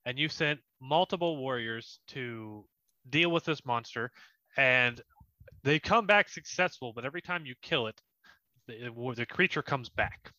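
A man's voice: medium pitch, animated, a little slow, bright, forceful tone, no echo, highs cut off. A man narrating a tabletop game as game master, in a loose, chatty way.

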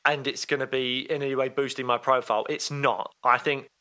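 A man's voice: medium pitch, little pitch movement, brisk, sharp tone. A man co-hosting a sports podcast in casual chat, rambling with fillers and restarts. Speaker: podcast co-host.

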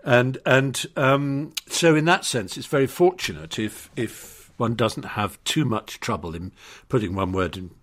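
A man's voice: mid-range voice, a little slow, fairly bright tone. An older man with an English accent, talking in an articulate, anecdotal way as an interview guest, often restarting his phrases. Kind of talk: conversational storytelling.

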